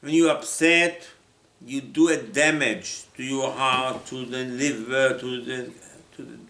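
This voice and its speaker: A man's voice: medium pitch, steady tone, takes it slowly, pushed and bright. A man preaching a sermon, emphatic and repetitive, often acting out the voices of the people he quotes. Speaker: rabbi. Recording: echoey room with faint ambience.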